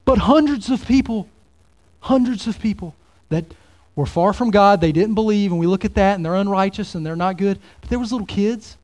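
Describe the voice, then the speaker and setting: Slightly high-voiced male pastor preaching. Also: a little fast, a little mellow. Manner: conversational, many rhetorical questions. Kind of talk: sermon.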